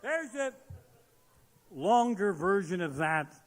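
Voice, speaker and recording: A man doing a profane stand-up comedy set on stage, ranting and shouting his punchlines. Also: high-pitched, sing-song, slow pace. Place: live comedy stage in a large hall. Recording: live venue with long hall reverb.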